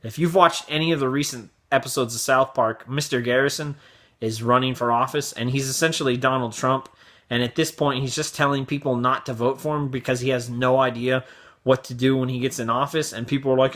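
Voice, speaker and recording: Bright-voiced man ranting casually. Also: medium pitch, steady tone, a little fast. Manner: profane, sarcastic, mocks others in raised voices. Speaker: vlog host. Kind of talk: casual opinion rant.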